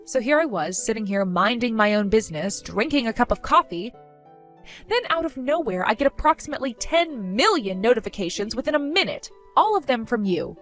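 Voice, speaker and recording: A woman's voice: on the high side, big pitch swings, brisk, a bit bright, soft background music. A woman voicing a weary, exasperated young married woman who answers with dry sarcasm in a text-story skit.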